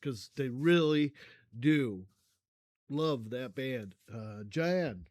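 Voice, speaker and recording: An older man talks casually to his viewers from his computer, rambling with plenty of ums and restarts. He is effusive with gratitude and keeps coughing and clearing his throat. His voice sits at an ordinary pitch and sounds dry and close. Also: no echo. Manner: rambling, halting, many fillers and restarts; effusive, warm toward viewers. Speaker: music reaction channel host. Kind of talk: casual thank-you chat to viewers.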